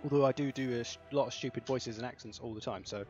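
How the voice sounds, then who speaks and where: With a steady, mid-range, slightly mellow voice and a quick pace, a man from the south of England hosts a game tournament on stream. He keeps it chatty and self-deprecating with plenty of jokes, heard through a slightly dull lo-fi mic over faint music.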